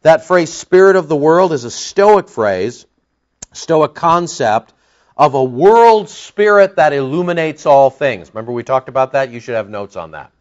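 A man's voice: fairly high pitch, animated, measured pace, darkish tone. A man preaching an expository Bible-teaching sermon in a conversational, wry way, with sarcastic asides and emphatic bursts. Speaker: pastor. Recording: dull lo-fi sound.

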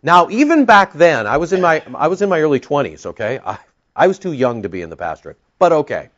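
A male pastor preaches in a rambling, storytelling way, full of asides. His voice is fairly high for a man and swings widely in pitch. The recording has a muffled, lo-fi sound. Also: big pitch swings, fast, a bit bright. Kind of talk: sermon. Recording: dull lo-fi recording.

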